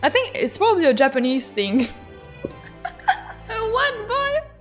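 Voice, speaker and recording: A woman's voice: very high voice, wildly swooping pitch, slow, fairly bright tone, faint music behind. A woman streamer gushing over a story game, squealing and laughing often as she reacts. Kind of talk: let's-play commentary.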